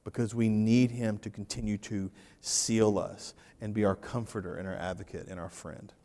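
A man preaching a sermon as pastor, animated, swinging from loud to hushed and repeating his phrases. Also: fairly low pitch, normal speed. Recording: reverberant church hall.

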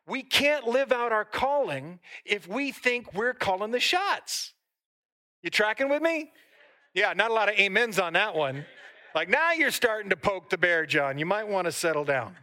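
A man preaching a sermon as pastor, talking lively with asides to the congregation and reading scripture aloud. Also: sits high, normal speed. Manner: reads a long scripture passage aloud.

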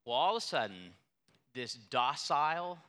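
A man's voice: medium pitch, very animated, moderate pace, bright, forceful tone. A young adult male pastor preaching a sermon, telling a story with emphatic, building intensity.

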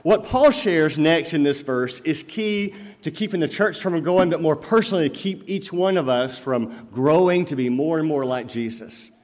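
A man's voice: on the high side, normal speed, hardly any pauses, a little mellow. A man preaching a sermon as pastor, in a conversational way full of everyday examples. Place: church sanctuary. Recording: long reverb of a church hall.

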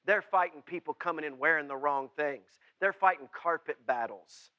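A man preaching a sermon as pastor, folksy and plain-spoken, swinging from loud preaching to quiet, intimate asides. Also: a little high, moderate pace, no echo, lo-fi sound. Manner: folksy and plain-spoken, with southern-style words.

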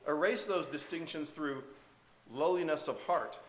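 A man's voice: a little high, a little slow, echoey room, slight background noise. A male preacher giving a sermon in a conversational way, often asking the congregation questions. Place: church sanctuary.

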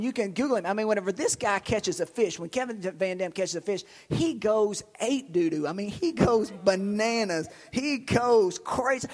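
A middle-aged man preaching a sermon in a church, telling stories with bursts of excitement and repeated words. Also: high voice, long reverb tail. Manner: lively storytelling with shouts and repetitions. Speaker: pastor.

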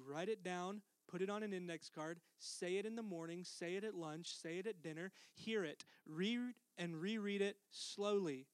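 A middle-aged man preaching a sermon as pastor, earnest, dropping to a soft hush for tender lines. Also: sits high, normal speed, few pauses, clear, resonant tone, no room sound.

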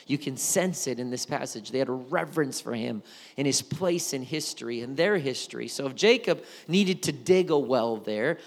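A man preaching a sermon in an animated, conversational storytelling way. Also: fairly high pitch, in a large hall.

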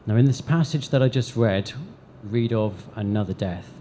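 A man preaching a sermon to a congregation in church, deliberate, with dramatic pauses and emphatic swells. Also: fairly low pitch, dark tone, a little hiss or hum. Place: church service before a congregation.

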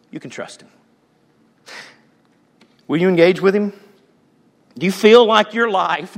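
A man preaching a sermon as pastor, moving between loud calls and hushed, almost whispered lines. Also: high voice, lively intonation, unhurried, vocal fry, long pauses, in a large hall.

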